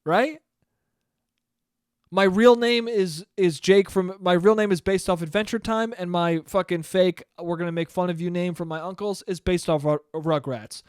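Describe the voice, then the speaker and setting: A young man telling a rambling, profane story alone on his podcast, bursting into loud outbursts. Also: sits high, normal speed, smooth, no echo, studio quality. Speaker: podcast host. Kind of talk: solo podcast monologue.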